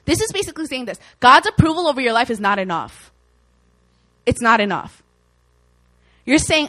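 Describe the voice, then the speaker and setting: A woman's voice: a little high, animated, normal speed, fairly bright tone, rough recording. A young woman giving an informal, earnest Christian teaching in a conversational way, acting out worried inner voices as she goes. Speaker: Christian speaker.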